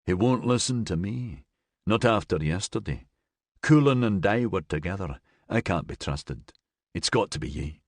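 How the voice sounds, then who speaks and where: A man's voice: sits low, expressive, moderate pace, no room sound, clean studio sound. A man playing a grieving, shaky young man. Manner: soft, shaky.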